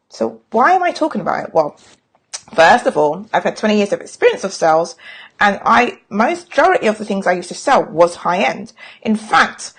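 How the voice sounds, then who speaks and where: A woman's voice: medium pitch, gravelly, breathy edge. A middle-aged woman talking casually on a live stream as a sales coach, frank and chatty, with self-mocking jokes.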